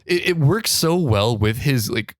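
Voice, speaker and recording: A man's voice: mid-range voice, expressive, measured pace, no echo, clean studio sound. A young man co-hosting a casual film podcast, summarizing the plot in a breezy, jokey way. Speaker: podcast co-host.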